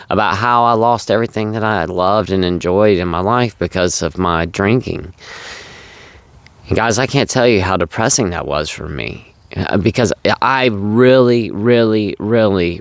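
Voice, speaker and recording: Low-voiced man telling his story earnestly. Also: no echo. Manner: earnest, candid, repeats words for emphasis. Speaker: vlogger. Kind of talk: confessional personal storytelling.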